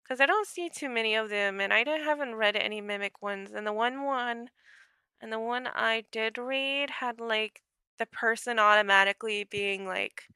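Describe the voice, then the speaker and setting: Woman, writer streaming, casual chat, filler-heavy, gravelly fry, clear crisp tone. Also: a little high, moderate pace, sharp tone, no echo. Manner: chatty, with many fillers. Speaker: writer on a livestream. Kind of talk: casual chat while writing.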